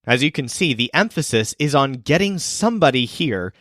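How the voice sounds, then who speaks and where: Lively man teaching, dry close sound. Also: medium pitch, dry recording. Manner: explains clearly, slows down for example sentences. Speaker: language teacher. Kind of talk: scripted teaching narration.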